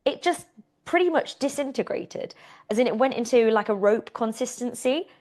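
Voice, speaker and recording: A British woman hosting a fitness Q and A podcast, chatty and animated, telling stories with a laugh. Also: a little high. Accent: British English. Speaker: fitness coach and podcast host. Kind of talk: casual Q and A podcast chat.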